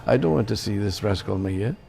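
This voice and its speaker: A man's voice: fairly low pitch, lively intonation, fairly quick, vocal fry, husky, voice pushed down, exaggerated voice. A man doing a sulky little boy. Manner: quiet, pouting, soft.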